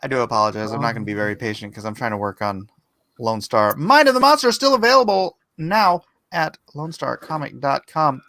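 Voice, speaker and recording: A man's voice: mid-range voice, fairly quick, pushed and bright, dry recording. A middle-aged man hosting a casual live art auction, joking and teasing as he chats. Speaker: auction host and comic artist. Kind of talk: casual livestream chat.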